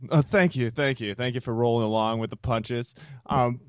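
A man's voice: mid-range voice, fairly quick, smooth, no room sound. Man, podcast host, casual chat, curious, jokey, dry close sound. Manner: curious, jokey, rambling questions.

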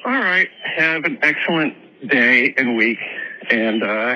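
Bright-voiced man rambling in a voicemail. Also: medium pitch, animated, a little slow, dull audio. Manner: hesitant, self-deprecating, lots of ums. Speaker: voicemail caller.

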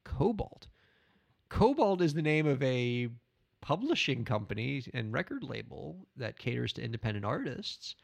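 A man co-hosting a comedic podcast, playing a quiz game in casual, joking, excitable chat. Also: medium pitch, moderate pace, vocal fry. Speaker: podcast co-host, quiz player.

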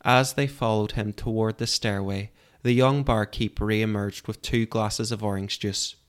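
A man with a low, smooth and resonant voice narrates a fantasy story. His reading is calm and measured, in a steady audiobook style.

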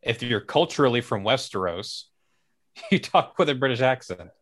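A man's voice: mid-range voice, lively intonation, moderate pace, a bit bright. A man co-hosting a casual discussion, talking in a rambling, hesitant way with many restarts. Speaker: podcast co-host.

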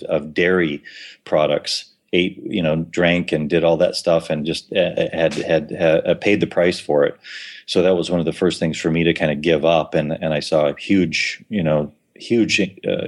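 Very deep-voiced man, halting speech. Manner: repeats words, many restarts and fillers. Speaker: guest. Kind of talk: casual podcast conversation.

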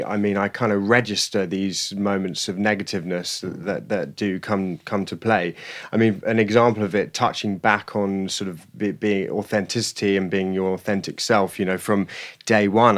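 A man, a podcast co-host, talking in a loose, rambling, self-deprecating way. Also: fairly low pitch. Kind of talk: casual podcast conversation.

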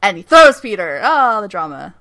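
A woman's voice: medium pitch, big pitch swings, normal speed, pushed and bright. A woman casually recapping a TV episode as a podcast host, laughing often, swearing, and acting out quotes.

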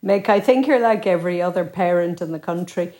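A middle-aged Irish woman, a professor guest, explaining things quickly with plenty of examples. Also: fairly low pitch, dark tone. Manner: quick, expository, uses examples. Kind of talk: explanatory interview talk.

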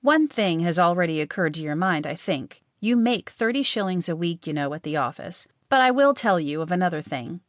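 A woman voicing a calm, grave male ghost in an audiobook, speaking in a measured, unhurried way. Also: on the low side, no room sound, close to an everyday voice. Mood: grave, enigmatic. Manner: measured, never histrionic, dry. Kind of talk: audiobook reading.

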